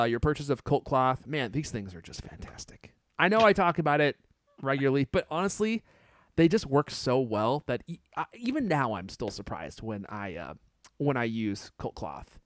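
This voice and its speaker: A man hosting a podcast in casual chat, joking and animated, stumbling over fillers and restarts. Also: fairly high pitch, moderate pace, no room sound, clean studio sound. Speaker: podcast host.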